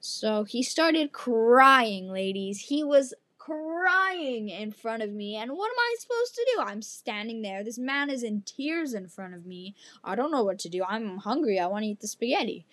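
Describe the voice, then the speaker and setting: A woman's voice: on the high side, very animated, unhurried, fairly bright tone, no room sound. A young woman hosting a podcast who tells a story in a casual, dramatic way and addresses her listeners directly. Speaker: podcast host.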